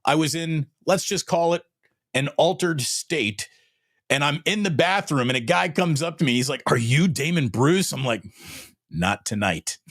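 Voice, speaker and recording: Sports show cohost guy, slightly high voice, dry sound, wry jokes. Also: normal speed, a bit bright, no room sound. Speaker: sports talk co-host. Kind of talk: casual sports podcast chat.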